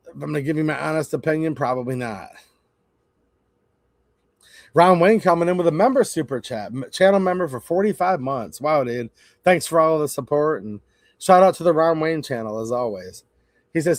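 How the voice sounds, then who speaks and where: Male live-stream host with a somewhat high voice and a dry, close sound; blunt, opinionated, casual, chatting to viewers. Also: no echo. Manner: blunt, opinionated, talks straight to chat.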